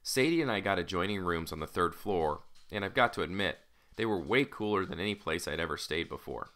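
A man's voice: low-pitched, lively intonation, a little fast, a bit bright. A man narrating an audiobook in the first person, in a casual, wry storytelling manner.

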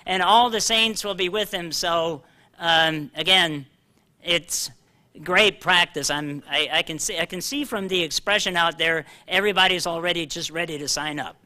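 An older man preaching a sermon, animated and joking at himself, slowing down to read scripture aloud. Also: a little high. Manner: animated, self-deprecating, reads scripture slowly. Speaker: pastor. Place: church hall.

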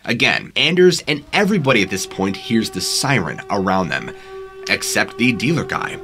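A man's voice: lowish voice, sing-song, normal speed, bright, forceful tone, soft background music. A man narrating scary true stories in a dramatic, suspenseful storytelling manner on a studio microphone.

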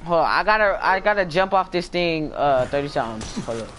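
A woman chatting while she plays a game. She is loud and teasing, stretches her words, and her pitch jumps around a lot. Game sounds run clearly behind her voice. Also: expressive, a little fast, a little hiss or hum. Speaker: gamer. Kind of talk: casual gaming banter.

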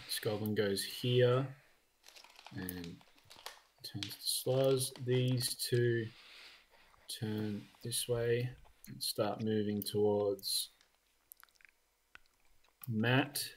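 A man's voice: on the low side, steady tone, drawn-out words, pauses often. A man running a tabletop game as dungeon master, casual and hesitant, with many ums. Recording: faint background noise with clicks.

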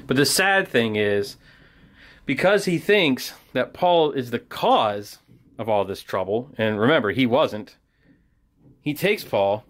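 Animated man telling a children's Bible story. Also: mid-range voice, unhurried, long pauses. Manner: animated storyteller, acts out soldiers and crowd. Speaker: children's ministry teacher.

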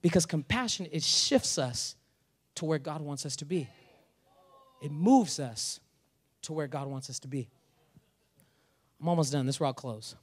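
A man with a notably high voice delivers a sermon as a pastor. He preaches casually and energetically, mixing humor and slang into his message. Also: moderate pace, pauses often.

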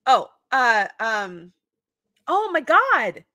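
A woman's voice: on the high side, very animated, very slow, pushed and bright. A woman co-hosting a casual book club chat, an eager and supportive listener who laughs easily.

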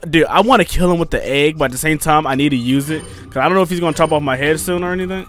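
Excitable young man narrating his gameplay. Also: fairly high pitch, racing, background noise. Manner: jokey, excitable, yelps and shouts when attacked. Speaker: gaming YouTuber. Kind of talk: casual let's play commentary.

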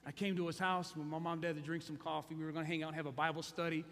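A male pastor preaches with a high, bright, forceful voice, dropping low for stories and rising to shouts. His voice rings through a large hall with a long echo. He sounds fervent and urgent. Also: level tone, very fast. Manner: fervent, swings from hushed storytelling to shouting. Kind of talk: sermon. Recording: echoey hall.

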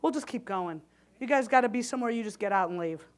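Her pitch is fairly high, her intonation lively, and her pace quick. She's cooking live on a conference hall kitchen stage, chatting and joking with the audience, a touch winded.

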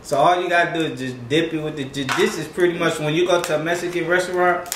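A man's voice: fairly high pitch, steady tone, fast, fairly bright tone. A man co-hosting a mukbang, explaining dishes in an easygoing, teasing way. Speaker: co-host. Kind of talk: casual eating chat. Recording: roomy with faint noise.

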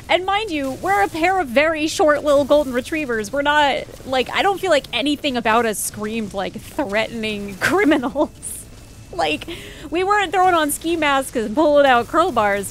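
A young woman streamer chats casually while playing a game, rambling through stories with plenty of fillers. Her voice sits high, and there's a little hiss or hum in the recording.

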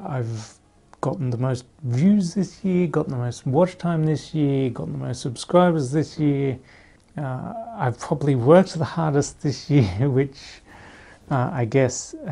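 A man chatting casually in a vlog from a small room at home, rambling in a relaxed way with fillers. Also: medium pitch, unhurried, vocal fry. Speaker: YouTuber.

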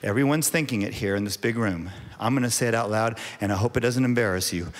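A man's voice: on the low side, quick pace, natural voice. A man putting on an impersonation of a famous rock-and-roll singer as a showy wedding officiant in a Las Vegas chapel, hyping the crowd with emcee patter. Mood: ceremonial. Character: impersonator of a rock-and-roll singer, swaggering showman crooner. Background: loud rock and roll backing music.

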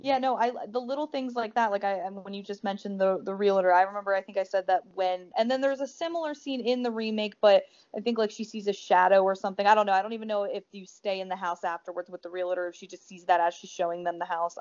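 A woman's voice: medium pitch, fairly even intonation, fast talker, hardly any pauses, a little mellow. A woman co-hosting a podcast, chatting about a horror film in a rambling, enthusiastic way, full of fillers and restarts. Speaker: podcast co-host. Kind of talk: casual movie review chat. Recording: dull lo-fi podcast audio.

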